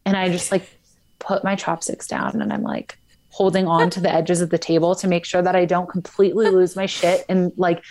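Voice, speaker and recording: Young woman, casual chat, lively storyteller, slightly low voice. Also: normal speed. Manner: animated storyteller, acts out quotes.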